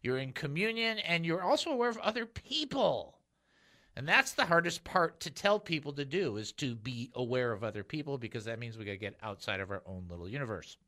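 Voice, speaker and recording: Male radio host, bright timbre, bouncy playful studio banter. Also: mid-range voice, brisk. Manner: jokey, laughs often, animated. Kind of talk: casual Christian radio talk.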